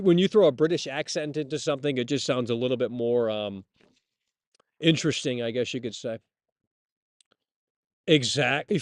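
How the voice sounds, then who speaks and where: A man's voice: a little high, a little mellow, no echo, clean studio sound. Blunt, profane man ranting on stream. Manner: restarts and repeats words often. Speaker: streamer host. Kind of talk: casual live-stream rant.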